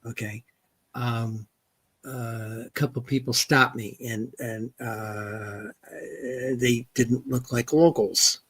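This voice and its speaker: Man, casual interview, halting delivery full of fillers, dry remote call sound. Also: medium pitch, fairly even intonation, a bit bright, slightly rough, no room sound. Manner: halting, many fillers and restarts.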